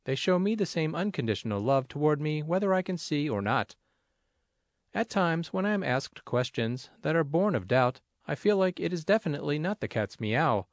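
A man reading a personal essay aloud in a measured, earnest way with gentle humor. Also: fairly high pitch, animated, no echo, studio quality. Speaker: reader.

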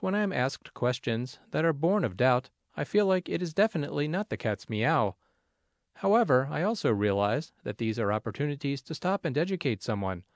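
Man reading aloud with a lively lilt. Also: mid-range voice, dry recording, studio quality. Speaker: narrator. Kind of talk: reading a personal essay aloud.

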